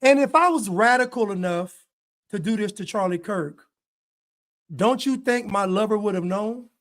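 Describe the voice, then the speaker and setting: A man's voice: high voice, expressive, normal speed, fairly bright tone. A man giving video commentary, hammering points with repeated rhetorical questions. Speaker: online commentator.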